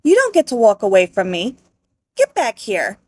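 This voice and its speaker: Brief: woman doing a high, shrill, imperious queen who spits threats, for a game playthrough. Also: huge pitch swings, moderate pace, no room sound. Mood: furious.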